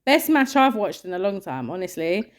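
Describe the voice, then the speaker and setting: A woman, co-hosting a casual podcast chat and telling a story with lots of acted-out shouts and quotes. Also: medium pitch, sing-song, moderate pace. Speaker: podcast co-host.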